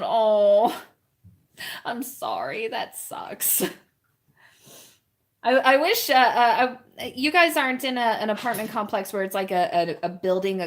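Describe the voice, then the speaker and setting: A woman in mid-pitch chats with her stream viewers while she paints at home. Her talk rambles from thought to thought, with easy laughs and soft baby talk to the dogs. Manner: chatty and rambling, often laughing and cooing to puppies. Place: indoors at a home.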